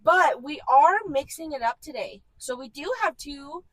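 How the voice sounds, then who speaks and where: A woman's voice: high-pitched, moderate pace, a bit bright, dry recording, rough recording. A woman co-hosting a podcast in casual, playful banter, teasing her co-host. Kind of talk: casual chat.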